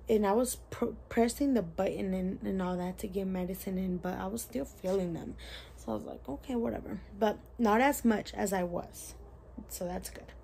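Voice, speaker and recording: A woman's voice: medium pitch, creaky, mellow, a little hiss or hum. A young woman casually telling a story to camera in a chatty, rambling way, full of "like" and "you guys". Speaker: vlogger.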